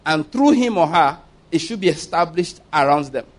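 Emphatic man preaching, fairly high voice. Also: lively intonation, normal speed. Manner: emphatic, asks the congregation for amens, laughs mid-point. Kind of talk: sermon.

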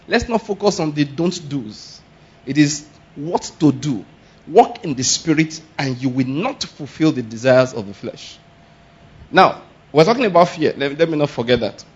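Male preacher, high husky voice, animated sermon delivery, lo-fi sound. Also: normal speed. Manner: animated, laughing, shouting exclamations, rhetorical questions. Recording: dull lo-fi sound.

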